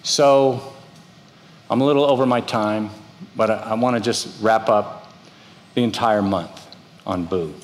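A middle-aged pastor with a fairly low voice preaches unhurriedly in a church, pausing often. He tells stories during the sermon and acts out the voices of the people in them, his words echoing in the reverberant hall.

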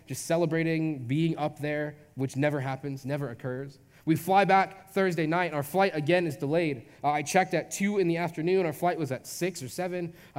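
A man's voice: a little high, a little mellow. A young man, a youth pastor, telling a personal story in a casual, chatty sermon full of fillers. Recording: long hall reverb.

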